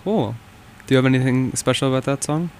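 A man's voice: mid-range voice, fast, darkish tone, a little hiss or hum. A man co-hosting a casual music show, laid-back and jokey. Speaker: co-host. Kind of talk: casual chat.

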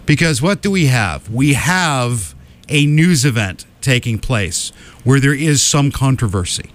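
A man co-hosts a casual podcast and delivers opinionated commentary. His voice is mid-pitched and very lively in its intonation, rising and falling as he builds his points. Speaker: podcast host.

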